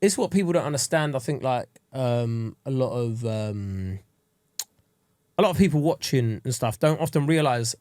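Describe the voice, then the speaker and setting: A man's voice: medium pitch, moderate pace, no echo, studio quality. A man, chatting crudely and jokily as a podcast co-host. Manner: crude, animated, jokey. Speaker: comedian co-host. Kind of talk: casual podcast chat.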